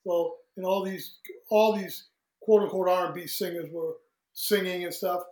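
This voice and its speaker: A man with a high-pitched voice tells a story as an interview guest, slipping into other people's voices and laughing as he goes. The room around him is echoey. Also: moderate pace. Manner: animated storyteller who acts out quoted voices, laughs often. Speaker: guest, singer.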